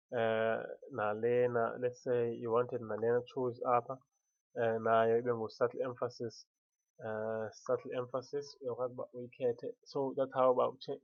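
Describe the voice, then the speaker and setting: A man with a Xhosa accent talks a viewer through a software tutorial, mixing Xhosa and English as he goes. His delivery is halting, with frequent restarts, and his voice sits at an ordinary middle pitch. The recording is dry and a little dull, with no room sound around it. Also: no room sound.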